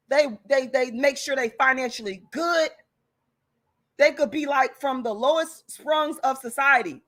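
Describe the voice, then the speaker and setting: Fiery, profane woman ranting, fairly high voice. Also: fairly bright tone. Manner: angry, profane and emphatic; blunt and defiant, with repeated insults. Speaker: channel host. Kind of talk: heated livestream rant to viewers.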